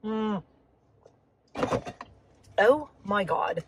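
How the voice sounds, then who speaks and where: A woman's voice: mid-range voice, animated, drawn-out words, noisy background. A woman chatting casually while driving, rambling with lots of asides and a slightly sore throat. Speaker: vlogger. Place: inside a car on the road.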